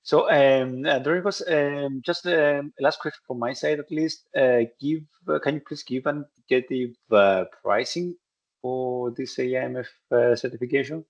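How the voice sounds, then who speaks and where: A man's voice: mid-range voice, normal speed, highs cut off. A man moderating a webinar over a video call, reading out audience questions politely and with hesitations.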